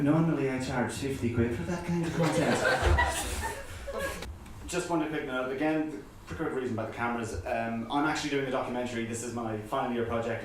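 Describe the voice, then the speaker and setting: A man's voice: mid-range voice, very noisy. A young man in his twenties doing a self-deprecating stand-up set, laughing through his jokes, from far off in an echoey room. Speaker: student stand-up comedian.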